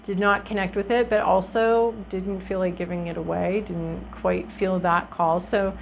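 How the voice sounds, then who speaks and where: A woman's voice: mid-range voice, little pitch movement, moderate pace, gravelly, muffled recording, a little hiss or hum. A woman giving a casual tarot reading to her viewers, talking in a chatty, reflective way with frequent ums and restarts. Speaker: tarot reader.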